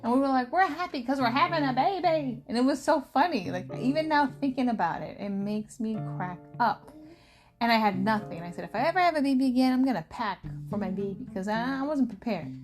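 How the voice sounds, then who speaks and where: A woman in her thirties chatting casually to camera as a vlogger, telling stories in an animated way and acting out the people she quotes. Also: a little high, fairly quick. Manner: animated storytelling, acts out quoted friends. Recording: music playing behind her voice.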